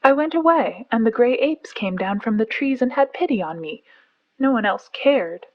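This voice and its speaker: A woman voicing a boastful, sulky young boy raised in the jungle, speaking in a raised, excited way in a storybook reading. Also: a little high, moderate pace, dull audio, pitched above the performer's own voice, natural voice. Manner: excited, raised, show-off talk.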